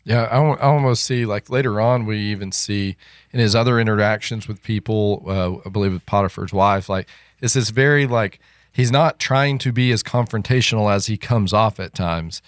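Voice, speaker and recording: A man's voice: on the low side, normal speed, no room sound, clean studio sound. A man co-hosting a podcast, explaining a Bible character in an earnest, matter-of-fact way. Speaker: podcast co-host. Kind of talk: casual Bible discussion.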